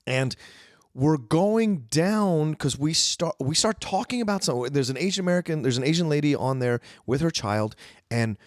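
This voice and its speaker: Animated man telling stories on a podcast. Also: a little high, moderate pace, no room sound, studio quality. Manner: animated storyteller, excitable. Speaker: podcast co-host. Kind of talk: casual film podcast chat.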